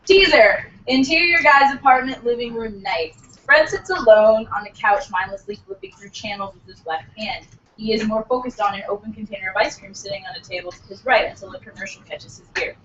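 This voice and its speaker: A woman at a cast read-through, reading the stage directions and running the session with a brisk manner. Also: medium pitch, fairly bright tone. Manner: brisk, giggly between lines. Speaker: script reader for the stage directions. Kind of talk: table read narration and casual chat. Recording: distant roomy lo-fi recording with noise.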